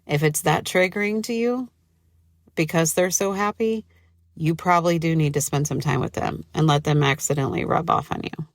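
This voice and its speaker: A woman hosting a solo podcast in a low voice with a gravelly edge. She talks casually and gushes, with lots of "like" and fillers. The sound is dry and close, with no room echo. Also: moderate pace. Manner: chatty, gushing, lots of "like". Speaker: podcast host.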